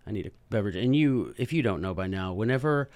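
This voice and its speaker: A man hosting a podcast, telling a story in a chatty, animated way with jokey asides. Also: lowish voice, quick pace, no echo. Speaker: podcast host and teacher. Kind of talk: casual storytelling monologue.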